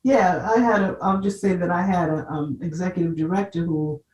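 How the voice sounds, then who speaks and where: A woman's voice: fairly low pitch, steady tone, brisk, a little mellow, lo-fi sound. Older woman, firm, far off in a roomy space. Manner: firm, emphatic, tells stories from her own life. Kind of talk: casual panel chat. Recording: roomy sound, distant from the mic.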